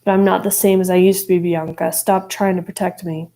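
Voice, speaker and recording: A woman voicing a sullen, intense teenage boy who speaks low and demanding. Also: little pitch movement, fairly quick, warm tone, natural voice.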